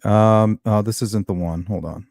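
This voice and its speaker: A man's voice: fairly low pitch, a little slow, creaky, a little mellow, no echo, studio quality. A man hosting true crime commentary, talking casually and thinking aloud as he reacts to news clips. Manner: conversational, thinking aloud with fillers.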